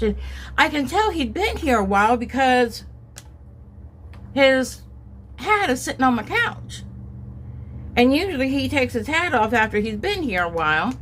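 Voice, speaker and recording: A woman's voice: fairly high pitch, animated, moderate pace, fairly bright tone. A middle-aged woman telling a rambling story at home while doing her makeup, acting out the quotes in a raised voice. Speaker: vlogger.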